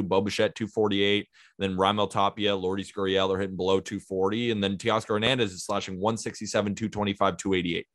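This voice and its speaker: A man co-hosting a sports podcast, speaking in a measured, analytical way and rattling off numbers. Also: fairly low pitch, fairly bright tone, no echo, studio quality. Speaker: podcast co-host. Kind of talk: casual sports podcast chat.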